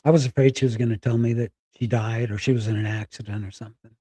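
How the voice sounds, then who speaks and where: A middle-aged man telling a personal story candidly, halting and close to tears. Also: medium pitch, fairly even intonation, dark tone, breathy edge, no echo. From Spokane, Washington. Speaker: guest.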